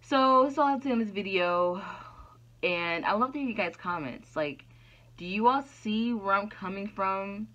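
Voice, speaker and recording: A woman's voice: mid-range voice, animated, moderate pace, a bit bright. A woman talking frankly to camera in an opinion vlog, throwing out rhetorical questions and answering them herself. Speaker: YouTuber. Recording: dull lo-fi sound.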